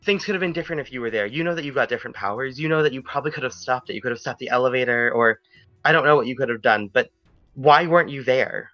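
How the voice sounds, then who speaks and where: A man's voice: medium pitch, fast, dry recording, soft background music, close to an everyday voice. A man voicing a flustered, angry young woman in her twenties who leads a hero team, tense and pleading, on a dull lo-fi recording. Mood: frustrated.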